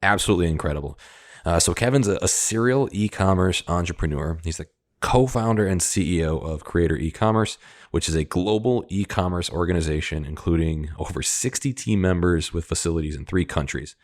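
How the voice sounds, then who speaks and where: A man hosting a podcast, introducing his guest with energetic, hype-building enthusiasm. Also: sits low, brisk. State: out of breath. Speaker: podcast host. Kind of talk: podcast interview.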